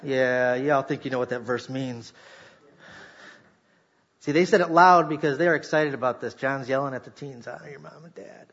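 Pastor, male, husky, slightly high voice, lively preaching, muffled live recording. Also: moderate pace. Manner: animated, jokey preaching to a congregation. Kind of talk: sermon.

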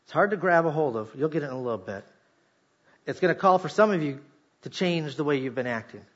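Pastor, male, husky, slightly high voice, lively preaching, muffled live recording. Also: quick pace. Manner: animated, jokey preaching to a congregation. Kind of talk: sermon.

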